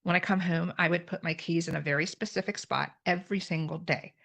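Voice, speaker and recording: A woman's voice: lowish voice, fairly even intonation, fairly quick, gravelly, a bit bright. A middle-aged woman telling her own story as a podcast guest, candid and earnest, explaining terms with plain examples. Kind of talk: personal story in a podcast conversation.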